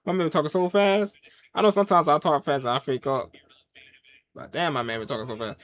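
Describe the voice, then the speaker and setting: A man giving casual live reaction commentary while watching a wrestling show, swinging from loud excited yelps to low mutters in easygoing slang. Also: quick pace. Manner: casual slang, talks to himself and the chat. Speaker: wrestling watch-along reviewer.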